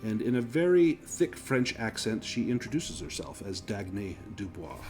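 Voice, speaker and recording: A man narrating a tabletop role-playing game as game master, descriptive and unhurried, pausing with fillers. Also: lowish voice, big pitch swings, darkish tone, soft background music.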